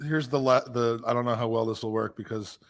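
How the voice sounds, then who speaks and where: A middle-aged man co-hosting a podcast, chatting casually, animated and self-deprecating with stumbling restarts. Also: medium pitch, brisk. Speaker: podcast co-host. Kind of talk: casual chat.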